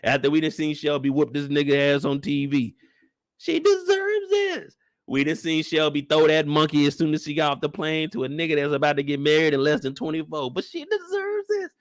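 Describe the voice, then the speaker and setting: A man gives a casual show recap on a live stream, lively and relaxed, mimicking the characters in exaggerated high voices. He moves at a quick pace with hardly any pauses, and the studio-quality audio has no echo.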